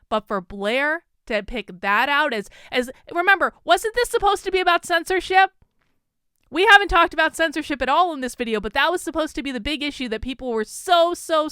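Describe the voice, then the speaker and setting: A woman's voice: high-pitched, lively intonation, moderate pace, sharp tone, dry recording, studio quality. A woman from Vermont with a Vermont accent, giving indignant, emphatic video commentary on an online feud. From Vermont, USA. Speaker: commentary YouTuber.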